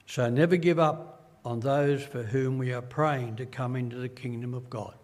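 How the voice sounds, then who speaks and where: An older man with an Australian accent preaching a sermon as pastor, slow and earnest, acting out quoted voices as he tells stories. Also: mid-range voice, in a large hall.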